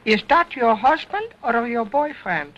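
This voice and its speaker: A man's voice: extremely high pitch, very animated, measured pace, heavy background noise, pitched above the performer's own voice, exaggerated voice. Guy doing a bratty ventriloquist dummy kid, broken english cracks, drawly bouncy voice, lo-fi old recording. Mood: sassy. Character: cheeky little boy ventriloquist dummy.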